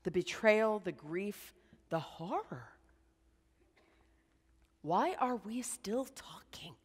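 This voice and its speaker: Slow, hushed woman preaching in a reverberant church. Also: medium pitch, expressive, breathy edge. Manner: slow, dramatic guided meditation with hushed drops. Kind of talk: sermon.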